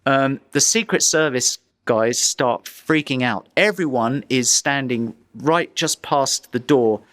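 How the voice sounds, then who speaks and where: A man's voice: mid-range voice, takes it slowly, fairly bright tone. A man, a photographer, telling a vivid anecdote in an interview, often restarting his sentences as he goes. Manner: vivid, dramatic storytelling with frequent restarts.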